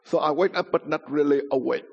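A man's voice: fairly high pitch, fairly quick, gravelly, breathy edge. A man giving a sermon testimony in non-native English, with simple grammar and a dramatic storytelling manner. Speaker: pastor. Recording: muffled sound in a reverberant hall.

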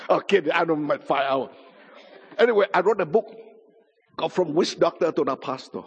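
A man's voice: fairly high pitch, lively intonation, moderate pace, gravelly, pauses often. A man giving a sermon testimony in non-native English, with simple grammar and a dramatic storytelling manner. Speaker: pastor. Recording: muffled sound in a reverberant hall.

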